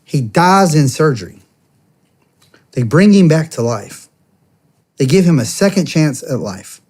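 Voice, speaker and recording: A former police officer appearing as a podcast guest tells an emotional personal story in a mid-range, slightly mellow voice. His telling is earnest and conversational, he acts out what other people said, and he often restarts his sentences.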